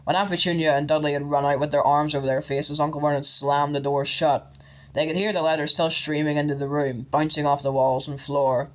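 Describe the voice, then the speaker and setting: A man narrating an audiobook with steady storytelling. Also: on the high side, brisk.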